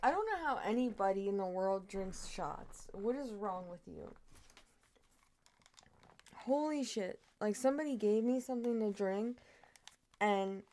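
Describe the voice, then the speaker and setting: A woman's voice: mid-range voice, a little mellow. A young woman streamer chatting casually and cooing in baby talk at her cat.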